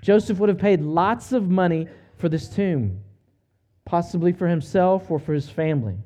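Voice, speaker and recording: Earnest, high-voiced male preacher. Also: expressive, dark tone. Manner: earnest, measured storytelling with slow emphatic pauses. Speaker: pastor. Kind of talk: sermon.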